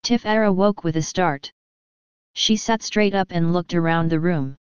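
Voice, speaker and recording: A woman's voice: on the low side, measured pace, smooth, no echo, highs cut off. A woman reading a storybook aloud in scripted narration, lightly voicing the characters. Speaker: audiobook narrator.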